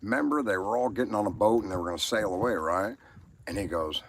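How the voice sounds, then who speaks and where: Rambling Southern man, low voice. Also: fast talker, a little hiss or hum. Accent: Southern American. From Southern United States. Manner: crude, rambling storyteller. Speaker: livestream host. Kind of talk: rambling live-stream chat.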